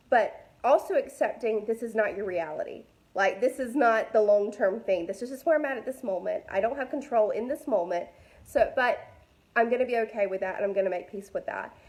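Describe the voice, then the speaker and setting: Her voice is a little high and darkish in tone, animated, and moderately paced. This mother, a faith vlogger, chats candidly with women in a casual devotional talk full of fillers, addressing them directly.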